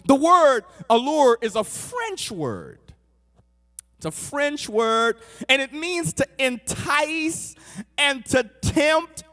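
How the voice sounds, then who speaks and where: A middle-aged man preaching a sermon, swinging from shouted peaks to soft asides. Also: very high-pitched, big pitch swings, slow, in a large hall.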